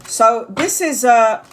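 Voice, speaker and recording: This Brazilian tarot reader's voice sits on the high side, and there's slight background noise. Earnest and quick to apologize, she goes over the same points again and again to comfort the people watching her live stream.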